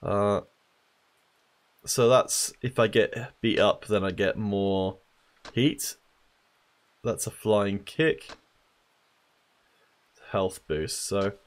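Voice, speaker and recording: A man's voice: lowish voice, extremely slow, pauses often. A man hosting a let's play, giving casual gameplay commentary with wry, joking asides.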